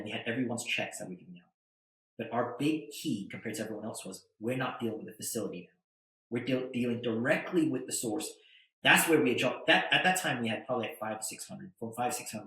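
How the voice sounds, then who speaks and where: A middle-aged man telling a long story in a podcast interview, animated and acting out what people said. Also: mid-range voice, echoey room, low-quality recording. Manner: animated storyteller, acts out quotes. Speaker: guest, attorney and entrepreneur.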